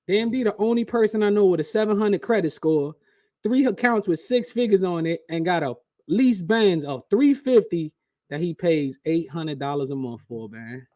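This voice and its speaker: A man hosting a casual live reaction stream, talking to his chat in a slangy, relaxed way. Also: fairly high pitch, no echo, clean studio sound. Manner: slangy, talks straight to chat. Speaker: channel host.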